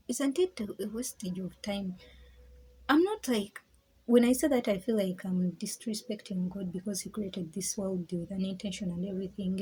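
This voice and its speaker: A woman's voice: medium pitch, dark tone, low-quality recording. A woman talking casually and reflectively to her viewers, rambling, stammering, laughing often and dropping into whispers. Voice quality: very breathy, husky. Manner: drops into whispers. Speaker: vlogger.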